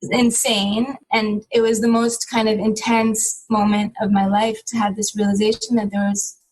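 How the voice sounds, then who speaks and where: A woman's voice: mid-range voice, little pitch movement, normal speed, darkish tone, breathy edge, low-quality recording. A woman in her thirties, a guest on an interview podcast, telling a personal story in a reflective, heartfelt way, with many "you know" fillers.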